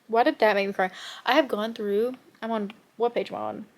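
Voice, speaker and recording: Expressive young woman ranting about a book. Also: on the high side, fairly quick. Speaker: book vlogger. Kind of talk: casual reading vlog.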